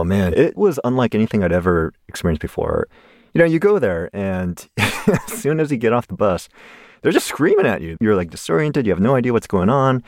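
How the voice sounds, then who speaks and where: A man's voice: low voice, vocal fry, darkish tone, no echo, clean studio sound. A man in his forties from the United States, a guest in an interview telling a personal story animatedly and laughing along the way.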